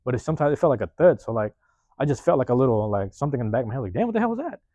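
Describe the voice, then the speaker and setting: A man hosting a podcast, telling a personal story in a rapid, profane, casual way and acting out the lines of the people in it. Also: mid-range voice, dry recording. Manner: profane, rapid, animated retelling with acted-out quotes. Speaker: podcast host.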